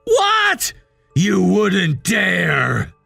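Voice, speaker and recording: A man voicing a controlling, scornful husband in a text-message story, dismissive and given to shouting. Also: sits high, sing-song, a little slow, gravelly, dry recording, faint music behind, heavily acted. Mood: angry, scornful. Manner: bossy and dismissive, shouting at times.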